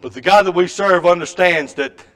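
Man, pastor, folksy sermon, fairly high voice. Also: moderate pace. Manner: folksy storytelling preacher, swings from loud to soft. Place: church sanctuary.

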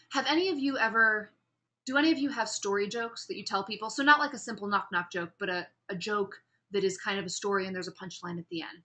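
A woman's voice: mid-range voice, pushed and bright. A woman instructor giving a recorded lecture on public speaking, upbeat and chatty with frequent restarts.

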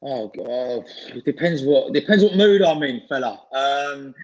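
A man's voice: mid-range voice, animated, measured pace, highs cut off. A man, chatting informally as an interview guest on a video call, full of fillers and restarts. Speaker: interview guest, singer and actor. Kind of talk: casual chat.

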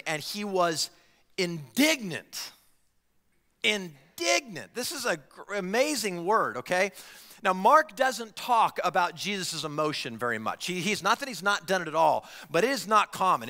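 Lively, bright-voiced male pastor preaching. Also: high voice, big-room sound. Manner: animated, asks the congregation direct questions. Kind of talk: sermon. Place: church sanctuary.

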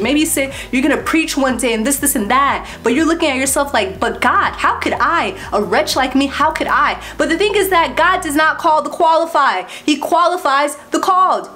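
A woman with a bright, high voice delivers a casual spoken exhortation and then prays. She talks in a lively, preachy way, laughing between points and often repeating words. Soft music plays faintly behind her. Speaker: Christian YouTuber giving an exhortation.

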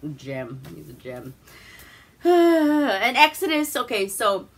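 A woman's voice: fairly high pitch, huge pitch swings, takes it slowly. A woman from Alaska hosting a casual movie recap, rambling, swearing and laughing as she goes. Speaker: host.

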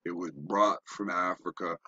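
A man's voice: low-pitched, steady tone, normal speed, bright, forceful tone, slightly rough, no room sound, highs cut off. A man giving a rambling, profane, preachy commentary while browsing web pages, asking rhetorical questions. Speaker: online commentator.

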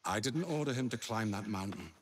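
Grave british-accented leader guy in a game played by a man, low voice, speaks in proverbs. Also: lively intonation, brisk, a little hiss or hum, natural voice. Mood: solemn. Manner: grave, formal, aphoristic. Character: stern, measured male leader of a sun kingdom.

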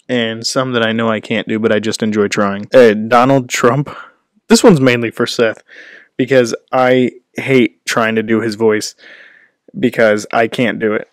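A man's voice: medium pitch, normal speed, no room sound, clean studio sound. A young man rambling in a casual vlog, self-deprecating, at a home setup with a desk microphone. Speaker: host.

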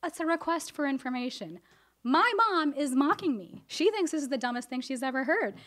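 A woman with a high voice tells a personal story to a live audience. She is animated and expressive, slipping into the voices of family members as she goes. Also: brisk. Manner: animated, acts out family dialogue.

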